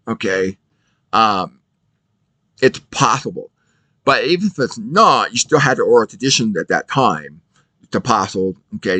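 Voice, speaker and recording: Man, video Bible teacher, emphatic, lively pitch, dry close sound. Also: no echo. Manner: emphatic, rhetorical questions, repeats himself.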